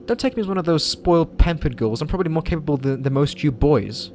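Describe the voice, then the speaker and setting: A man voicing a gentle, friendly teenage schoolgirl in a video game, speaking softly and politely. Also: on the high side, expressive, fast, a little hiss or hum, voice pushed up. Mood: spirited.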